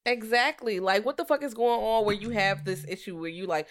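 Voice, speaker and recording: A woman in casual chat about horror films, cursing freely and acting out scenes in lively rants. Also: mid-range voice, a little fast, few pauses. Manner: profane, animated, acts out rants. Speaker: podcast co-host.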